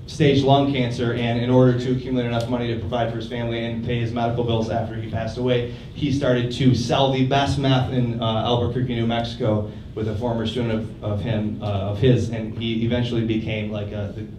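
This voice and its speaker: Deadpan young stand-up comedian. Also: male voice, medium pitch, fairly quick, hardly any pauses. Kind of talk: stand-up set. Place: comedy club stage, live audience. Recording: roomy club audio from a distance, loud noise.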